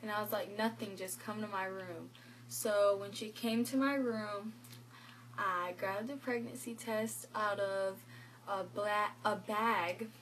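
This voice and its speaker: Taking it slowly in a mid-range voice, a teen girl vlogger shares a personal story. She acts out past conversations with quoted dialogue and leans heavily on "like." The recording quality is low.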